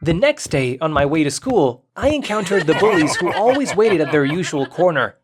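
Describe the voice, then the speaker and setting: A narrator telling a first-person story in an even, clearly paced storytime narration. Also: medium pitch, normal speed, crowd noise.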